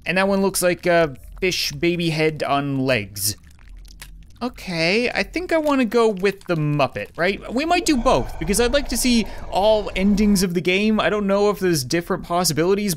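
A woman's voice: lowish voice, animated, normal speed, slight background noise. A woman gamer giving playful, jokey commentary over a video game, with sudden squeals and giggles and muttering through puzzles half to herself. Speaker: let's play gamer.

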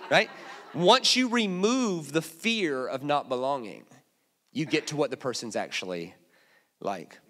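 A man preaching a sermon in a church, telling humorous stories and dropping suddenly to hushed asides. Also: a little high, lively intonation, measured pace. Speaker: guest preacher. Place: church auditorium.

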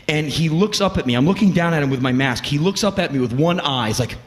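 A middle-aged man tells a story on a live stage, swearing and bursting into shouts. His voice sits a bit high and swings widely in pitch. It echoes through a large hall with faint noise underneath. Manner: animated, profane, bursts into shouting. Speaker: spoken-word comedian.

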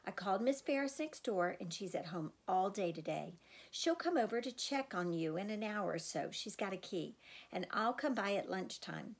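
A woman voicing a brisk mother who turns firm and clipped, her voice low and tense. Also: lively intonation. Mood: soothing. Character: brisk worried mother, stern when angry.

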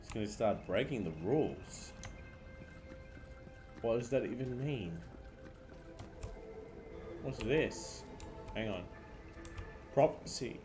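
A man's voice: medium pitch, animated, slow pace, long pauses, over music. A man live-streaming a video game, commenting casually in a laid-back, amused way.

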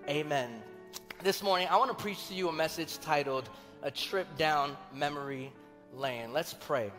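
A high-voiced, bright-toned young pastor preaches in a lively, conversational way and acts out the people in his stories. His voice rings with the long reverb of a large church hall, with faint music behind it. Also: moderate pace. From Colombia. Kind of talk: sermon with personal storytelling.

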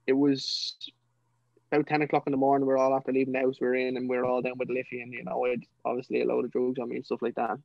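An earnest young man with a Dublin Irish accent, recounting his own story as a podcast guest. His voice stays fairly level in pitch as he speaks with feeling, leaning on "you know" between thoughts. The sound is dry and a little dull and lo-fi. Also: completely flat delivery, quick pace, gravelly, no room sound. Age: young adult. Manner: earnest, emotional, fills talk with "you know". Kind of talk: personal storytelling.

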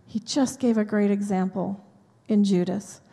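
A woman's voice: mid-range voice, fairly even intonation, measured pace, creaky, mellow, breathy edge. A woman pastor giving a sermon in a conversational, chatty way, with asides to the congregation. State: dry mouth from allergy medicine. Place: church sanctuary. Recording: long hall reverb in a church.

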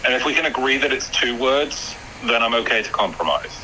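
Bright, dry-voiced man on a call. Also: medium pitch, lively intonation, fairly quick, a little hiss or hum, rough recording.

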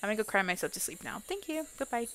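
Talking very fast with big pitch swings, a young adult woman with a slightly bright, mid-range voice chats casually to her gaming live stream viewers while playing. She swears freely and blurts out exclamations, and faint music can be heard.

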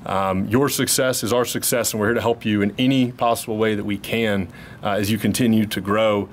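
A man's voice: on the low side, steady tone, fairly quick, a little hiss or hum. Upbeat man speaking at a ceremony. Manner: upbeat, welcoming, with fillers. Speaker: landlord giving a speech. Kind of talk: ceremony speech. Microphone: podium microphone.

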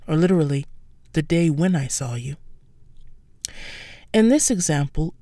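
A woman giving a scripted language lesson, explaining words slowly and carefully with French examples. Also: low voice, dark tone, no room sound, studio quality. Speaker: French teacher.

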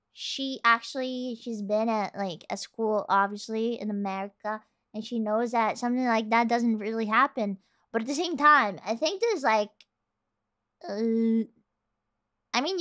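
A young woman from Europe streaming a game, reacting with animated, exclaiming commentary. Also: a little high. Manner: animated, exclaiming, giggly asides.

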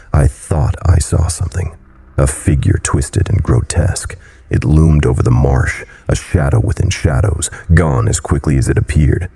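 A man narrating a horror story in a scripted reading style, with a deep, gravelly voice. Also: warm tone.

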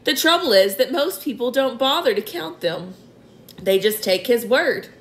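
A woman's voice: a little high, expressive, normal speed. A woman voicing a prim, scolding male earthworm in a storybook reading. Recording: roomy echo.

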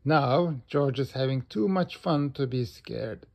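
A man reading a children's picture book aloud in an animated way. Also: medium pitch, vocal fry. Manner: slow and animated. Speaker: storybook reader.

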